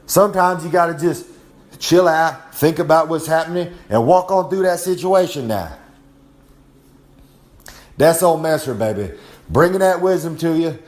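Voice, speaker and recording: A man's voice: mid-range voice, darkish tone. Brash drawling man cutting a promo. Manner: brash, drawling, talks of himself in third person. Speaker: wrestling podcast segment guest. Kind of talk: wrestling promo monologue.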